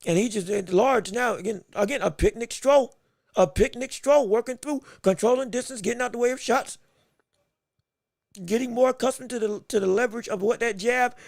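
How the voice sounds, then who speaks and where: A man calling a fight blow by blow on his own livestream, excited and repetitive, restarting his phrases, with the hiccups and eating as he talks. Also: very high-pitched, gravelly, no room sound, studio quality. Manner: repeats himself, restarts phrases, eats and talks at once. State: has the hiccups. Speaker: podcast host giving live fight commentary.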